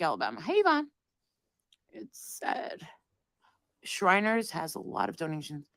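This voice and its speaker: A woman's voice: sits low, wildly swooping pitch, moderate pace, vocal fry, pauses often, fairly bright tone, no echo. A woman chatting casually on a livestream, rambling and swearing as she acts out her relatives' words.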